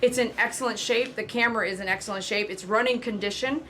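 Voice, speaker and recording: Woman, pet groomer hosting a live stream, loud and talkative, slightly high voice. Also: fast, a little hiss or hum. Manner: chatty sales pitch. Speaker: pet groomer and livestream host. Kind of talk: casual livestream chat.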